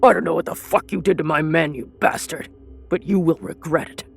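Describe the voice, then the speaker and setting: A woman's voice: sits low, a little fast, creaky, faint music behind. A woman voicing a snarling, heavyset male crime boss who spits furious threats.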